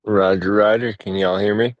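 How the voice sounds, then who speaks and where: A man speaking as a guest, friendly and relaxed, greeting the group. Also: lowish voice, normal speed, dry recording, muffled recording. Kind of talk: casual greeting.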